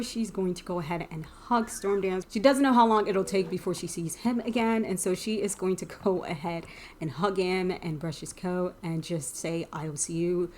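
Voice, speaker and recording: A woman's voice: on the low side, slight background noise. A woman hosting a let's play, narrating a life-sim game in a chatty, casual way. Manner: chatty, uses "like" and "literally".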